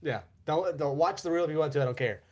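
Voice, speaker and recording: A man's voice: a little high, fast talker, a little mellow, muffled recording. Laid-back man with dry quips. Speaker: podcast co-host. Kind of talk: casual live podcast banter.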